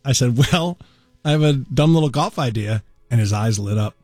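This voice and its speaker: A man's voice: medium pitch, normal speed, no echo, clean studio sound, faint music behind. A man co-hosting a radio show, telling a story in casual on-air banter and acting out the people he quotes. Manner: animated storyteller, acts out quotes in exaggerated voices. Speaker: radio co-host. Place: radio studio.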